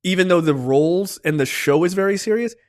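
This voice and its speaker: A man co-hosting a podcast, retelling a show's plot in casual, animated chat full of swearing and fillers. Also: sits high, a little fast. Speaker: podcast co-host.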